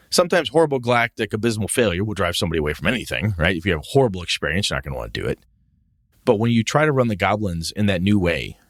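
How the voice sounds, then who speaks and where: Low guy rambling and cursing on a podcast, lively swoops, dry mic. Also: dry recording. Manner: profane, rambling, acts out quoted voices. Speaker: podcast co-host. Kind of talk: casual chat.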